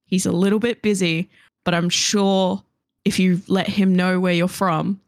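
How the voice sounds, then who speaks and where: Woman co-host, lively storyteller, dry close recording. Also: lowish voice, measured pace, dry recording. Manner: animated storytelling with laughter and swearing. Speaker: podcast co-host. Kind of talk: casual chat.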